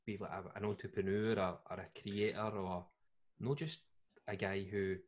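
A man in casual chat, relaxed and chiming in with short replies. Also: fairly low pitch, moderate pace.

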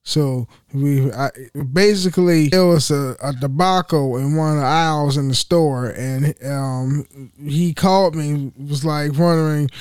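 A man's voice: a little high, unhurried, darkish tone, clear, resonant tone, no room sound, clean studio sound. A man podcasting alone, venting in a rambling, profane way with many restarts. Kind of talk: casual venting monologue.

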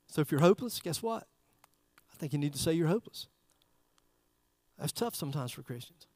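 A man's voice: on the high side, lively intonation, a little fast, a little mellow, no room sound. A man preaching a sermon in a church service, talking conversationally and putting direct questions to the congregation. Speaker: pastor.

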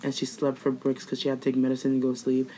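A woman's voice: rumbling low, completely flat delivery, fast, warm tone, slight background noise, rough recording. A young woman co-hosting a casual gossip chat, blunt and profane, laughing often.

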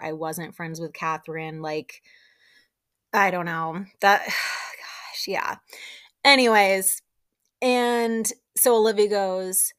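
A young woman hosting a podcast, recapping a show in animated, gossipy casual chat full of fillers. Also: medium pitch.

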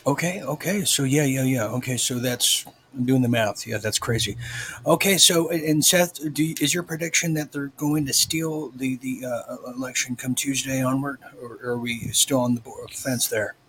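A man's voice: mid-range voice, normal speed, a bit bright, slight background noise, low-quality recording. A man hosting a casual live stream, chatting and reading out viewer comments. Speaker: show host.

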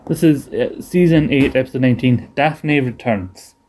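A man's voice: mid-range voice, moderate pace, warm tone, slight background noise. A man hosting a casual chat, rambling through his favourite TV episodes, laughing often and trailing off mid-sentence. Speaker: podcast host.

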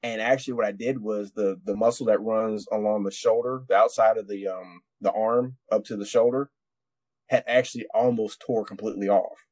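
A man's voice: on the low side, steady tone, moderate pace, darkish tone, no echo. A man, a military veteran, tells a war story on a podcast in a rambling, profane way, with many restarts. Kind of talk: casual storytelling.

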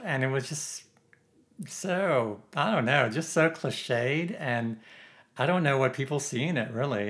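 A man's voice: medium pitch, a bit bright. A man discussing a film in a casual panel chat, who often restarts and repeats words while building his point. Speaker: film critic. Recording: roomy echo.

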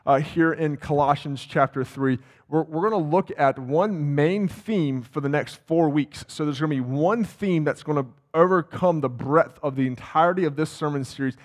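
Conversational pastor preaching. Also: male voice, on the high side, normal speed, few pauses. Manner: conversational, asks the congregation questions. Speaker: campus pastor. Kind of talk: sermon. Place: church sanctuary.

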